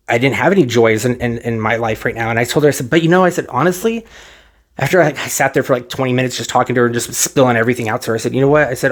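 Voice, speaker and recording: A man talking casually to his viewers, rambling through a personal story with many fillers and restarts, retelling conversations and getting close to tears, into a microphone at home. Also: mid-range voice. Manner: emotional, close to tears at moments. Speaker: vlogger.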